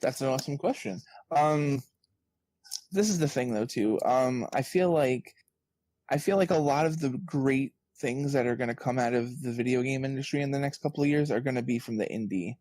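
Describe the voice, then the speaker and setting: Speaking at a moderate pace in a mid-range voice, a male author guesting on a podcast tells stories animatedly, energetically performing the back-and-forth of quoted conversations in a casual chat.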